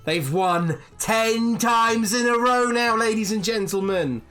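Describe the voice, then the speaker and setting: A man voicing an excitable female announcer calling out contestants at a pub drinking contest in a tabletop game. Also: high voice, soft background music, pitched above the performer's own voice, heavily acted. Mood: hyped. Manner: shouting, drawn-out hype calls.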